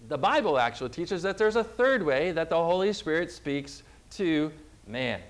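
High-voiced emphatic male preacher. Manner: emphatic, questions listeners and reads scripture aloud. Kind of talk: sermon.

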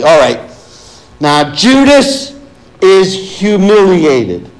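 A man's voice: fairly high pitch, lively intonation, unhurried, rough recording. A middle-aged man preaching a sermon, reading scripture aloud and stressing it with emphasis. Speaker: pastor.

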